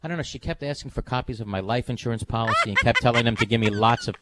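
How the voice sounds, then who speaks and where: Middle-aged male radio host, casual storyteller, mid-pitched, animated delivery. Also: rapid-fire, heavy background noise. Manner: animated storyteller, acts out quoted voices. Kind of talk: casual on-air chat.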